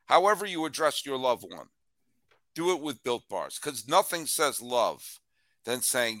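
A man's voice: medium pitch, big pitch swings, a little slow, a bit bright, dry recording. A man co-hosting a sports talk show, chatting casually and hamming up a sponsor read. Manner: jokey, hammy ad delivery. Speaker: podcast co-host.

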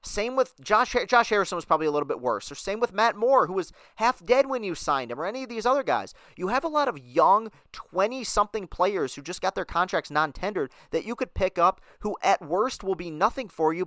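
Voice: mid-range voice, fairly bright tone, dry recording. A podcast host delivering a heated, sarcastic sports talk monologue on a close mic.

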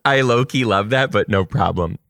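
Excitable, chatty man, kindergarten teacher. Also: lowish voice, moderate pace, creaky, no echo. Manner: animated, gushing, excitable; chatty with frequent "like" fillers. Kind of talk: casual storytelling to viewers.

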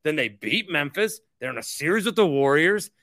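His fairly high voice is sing-song and a bit bright, moving at a moderate pace. The young sports podcast host rants with heat in casual conversation, going over the same points repeatedly.

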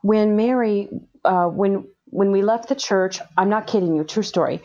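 A middle-aged woman, an interview guest, telling a personal story in an emphatic, animated way. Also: medium pitch, moderate pace. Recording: dull lo-fi audio.

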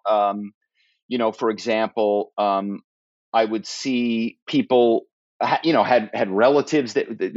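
A man guesting on a podcast, telling stories in a lively way with lots of "you know" and "right?". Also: medium pitch, no room sound, muffled recording. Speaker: podcast guest, former corporate spy and author. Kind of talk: animated storytelling in conversation.

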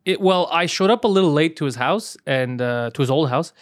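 A man's voice: fairly high pitch, lively intonation, dry recording, studio quality. A man hosting a comedy podcast, telling crude stories in casual chat and acting out other people's lines. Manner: fast, crude storytelling with acted quotes. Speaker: podcast host.

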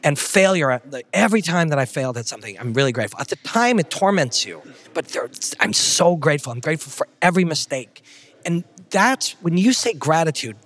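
A man's voice: a little high, sing-song, fairly quick, fairly bright tone. Emphatic, blunt-talking man. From Canada. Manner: emphatic, blunt, salty language. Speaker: guest, fight commentator. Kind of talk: casual interview storytelling.

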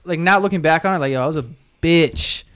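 A young man telling animated, profane stories in a casual chat, full of "yo" and "like.". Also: a little high, fast, smooth.

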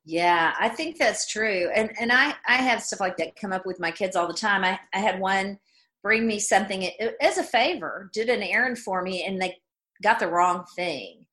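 A woman in her sixties, a guest author talking through everyday examples in a relaxed interview, reflective and quick to laugh. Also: mid-range voice. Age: 60s. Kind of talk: casual interview chat.

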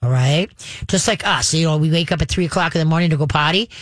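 A woman giving puppy training advice on a radio show, folksy and chatty, checking in with a steady stream of "okay?". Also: low voice, quick pace, no echo. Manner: folksy, checks in with frequent "okay?", chants the commands.

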